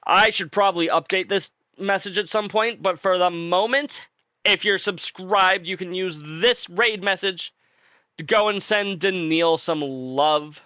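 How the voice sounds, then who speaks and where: Laid back guy streaming a game, talks slow and jokey to chat, kinda higher voice. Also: sharp tone, smooth, dry recording. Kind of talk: casual live-stream chat.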